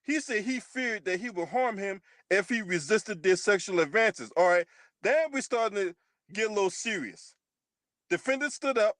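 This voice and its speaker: Man, high voice, profane mocking commentary, laughs often, dry close sound. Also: a bit bright, no echo. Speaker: channel host, commentator.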